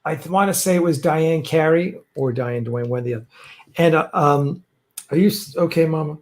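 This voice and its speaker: Male host, loose rambling delivery, somewhat higher pitch. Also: normal speed, a little mellow. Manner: rambling, many fillers and restarts. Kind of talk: casual livestream chat. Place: home, fireworks outside.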